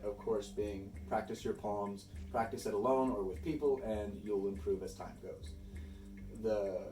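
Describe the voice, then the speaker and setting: A man's voice: fairly low pitch, a little mellow, echoey room, far from the mic. A man patiently explaining old verse rules step by step, with small restarts. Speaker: reenactor teaching poetry. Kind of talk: explanatory lesson.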